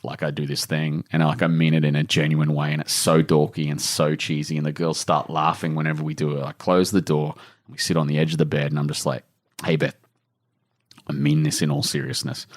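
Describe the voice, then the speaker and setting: A man's voice: extremely low pitch, little pitch movement, quick pace. An Australian man in his forties, a guest on a podcast, talking earnestly and rambling with lots of fillers. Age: 40s. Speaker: author guest. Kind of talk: emotional podcast interview.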